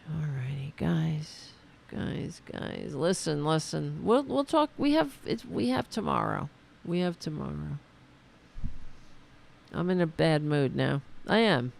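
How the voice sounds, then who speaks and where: A woman hosting a casual livestream from her home, speaking unhurriedly with a gravelly, fry-edged voice. She rambles and swears freely while talking straight to her viewers. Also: deep voice. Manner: profane, rambling, talks to her audience directly. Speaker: host of a political talk livestream.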